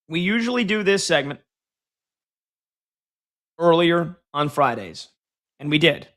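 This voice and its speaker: A man's voice: on the high side, bright, forceful tone. A man hosting a sports radio show, chatty and joking with his crew. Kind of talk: casual sports talk.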